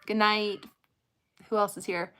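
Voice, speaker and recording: A woman's voice: mid-range voice, little pitch movement, unhurried, bright, forceful tone, smooth. A woman, casually chatting with viewers on a late-night livestream from home. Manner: chatty, talks directly to viewers. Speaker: livestream host.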